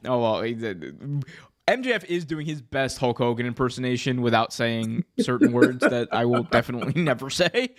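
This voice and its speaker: A man's voice: medium pitch, animated, normal speed. A young man hosting a podcast, chatting casually and building hype with jokes and enthusiasm. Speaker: podcast host. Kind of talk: casual wrestling podcast chat.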